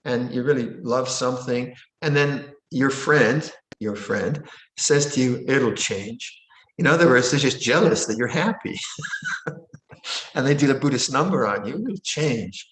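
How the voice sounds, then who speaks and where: Playful monk teaching in an echoey room. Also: male voice, moderate pace. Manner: gentle, playful, acts out moods with sudden high exclamations. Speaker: monastic teacher. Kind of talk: Dharma Q&A teaching. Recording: roomy echo.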